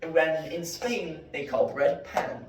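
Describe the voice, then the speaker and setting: A man's voice: on the high side, slow pace. Rambling man giving a mock lecture in an echoey room. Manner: deadpan fake etymologies, rambling with many fillers. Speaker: joke Latin teacher. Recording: echoey room, mic at a distance.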